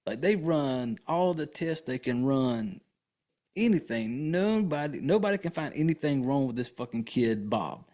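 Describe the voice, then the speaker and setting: A man's voice: mid-range voice, lively intonation, measured pace, a little mellow. A man hosting a podcast, casually recapping a movie in a loose, profane, rambling way full of fillers. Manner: laid-back, chatty, full of fillers. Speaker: podcast host.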